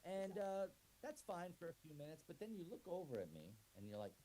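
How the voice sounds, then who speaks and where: Middle-aged guy teaching, acts out little scenes, pitch jumps all over, mellow tone, bit of hiss. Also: brisk, rough recording. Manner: animated storyteller who acts out both sides of a scene in voices. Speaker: autism educator and speaker. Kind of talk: lively talk to an audience.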